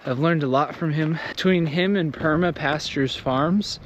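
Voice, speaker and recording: A man vlogs from a windy mountaintop, joking and rambling in an easygoing way. His voice sits fairly high for a man, and cold slows his speech a little. Loud wind noise batters the recording outdoors. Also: dull audio. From Southern United States. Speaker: vlogger. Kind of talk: casual vlog talk.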